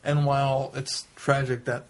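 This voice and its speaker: A man's voice: medium pitch, little pitch movement, measured pace. A man co-hosting a casual chat, wry and teasing. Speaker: podcast co-host.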